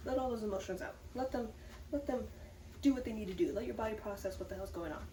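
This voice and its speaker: A woman's voice: medium pitch, fast, warm tone, slight background noise. A woman talking candidly to the camera in a casual vlog, chatty and upbeat about a hard time. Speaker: vlogger. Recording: echoey room from some distance, faint ambience.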